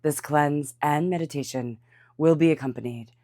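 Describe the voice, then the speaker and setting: A woman with a congested, stuffy voice, giving a calm tarot reading. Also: low-pitched, moderate pace, no room sound, clean studio sound. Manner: calm, soothing guidance. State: congested from a cold. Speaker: tarot reader.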